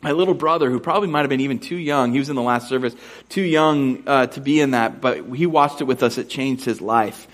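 A young man serving as pastor speaks fairly quickly in a mid-range voice, animatedly poking fun at himself through a humorous personal story. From there, his sermon turns to scripture.

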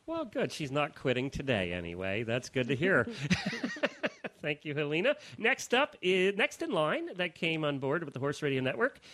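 A man's voice: fairly high pitch, sing-song, moderate pace, a bit bright. A man hosting a casual podcast roundtable, joking and laughing often. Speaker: podcast host.

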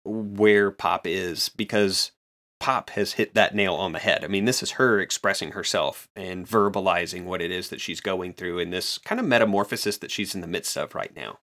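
Lowish-voiced guy rambling through a manga recap, excited, loose. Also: normal speed. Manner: enthusiastic, rambling, retells scenes with quoted voices. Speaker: podcast co-host. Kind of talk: casual chat recapping a manga.

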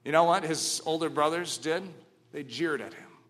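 A man preaching a sermon, telling stories dramatically and swinging from hushed to ringing. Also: fairly high pitch, normal speed.

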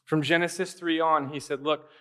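A young adult man preaching as a pastor, telling a personal story in a relaxed, conversational way, often using fillers and asking "right?". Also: on the high side, moderate pace. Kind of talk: casual storytelling sermon.

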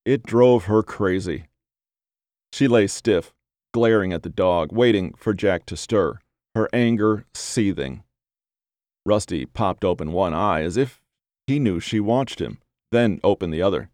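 A man narrating a story in a steady, measured reading voice. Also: deep voice, dry recording, studio quality.

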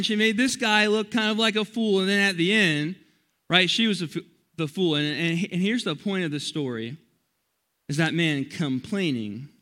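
At a church youth service, a young youth pastor delivers a sermon full of stories. His voice is high-pitched, and his delivery is energetic and chatty, with frequent restarts of his sentences as he narrates.

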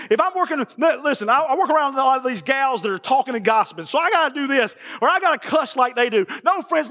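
In a big church sanctuary with long, hall-like reverb, a man with a high, fairly bright voice delivers a sermon as pastor. He's folksy and emphatic and keeps repeating his phrases.

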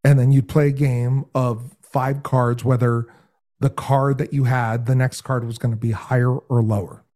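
A man telling a story in casual podcast talk, animated and full of imitated voices. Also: mid-range voice, moderate pace. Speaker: podcast guest, game show host.

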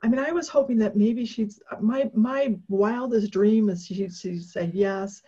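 A woman guest in an interview, telling a personal story in a casual, animated way with many fillers and restarts, often laughing. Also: medium pitch, measured pace, breathy edge. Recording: dull lo-fi recording.

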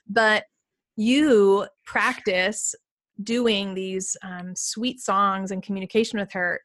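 A woman in her thirties hosts a casual podcast conversation, chatty and enthusiastic. She talks in a middle-pitched voice and fills her sentences with casual fillers. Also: a bit bright. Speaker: podcast host.

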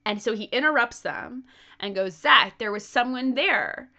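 A woman co-hosting a podcast, talking casually and filling her story with "like." Her voice is bright and slightly high. She wears headphones. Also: expressive, measured pace. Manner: chatty storytelling, lots of "like", acts out quotes. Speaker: podcast co-host. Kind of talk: casual chat.

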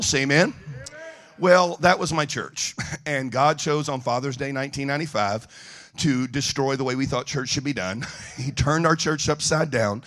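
A man preaching a sermon, telling funny stories in an animated, joking way. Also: mid-range voice. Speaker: evangelist. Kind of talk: sermon storytelling.

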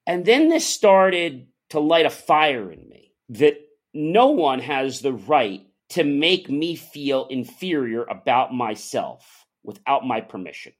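A man's voice: mid-range voice, takes it slowly, few pauses. A man telling a personal story as an interview guest, acting out the voices of the people in it. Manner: animated, acts out the other people's voices.

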